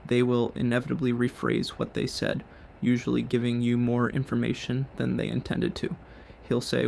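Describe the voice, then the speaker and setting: A man's voice: medium pitch, monotone, moderate pace, creaky, hardly any pauses, a little mellow, a little hiss or hum. A man hosting a show, delivering a scripted business monologue in blunt, punchy short sentences. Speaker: show host.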